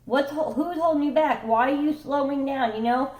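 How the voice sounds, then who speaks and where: A woman with a somewhat high voice talks through a tarot reading in a loose, rambling way. She keeps checking in with her listener and swears offhandedly. The room around her is noticeably echoey. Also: normal speed, darkish tone. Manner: rambling, conversational, swears casually, checks in with "okay?" and "right?". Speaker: tarot reader. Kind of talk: casual tarot reading monologue.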